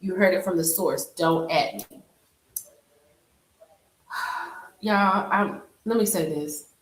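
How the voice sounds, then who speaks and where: A woman's voice: fairly low pitch, takes it slowly, reverberant, poor audio. A woman hosting a casual live stream, chatting animatedly. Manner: chatty, animated, talks to viewers directly. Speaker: livestream host.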